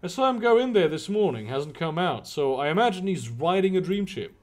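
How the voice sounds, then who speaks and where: A man's voice: high voice, sing-song, brisk. A man voicing a pushy street dealer with slick sales patter, read aloud from a game. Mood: matter-of-fact.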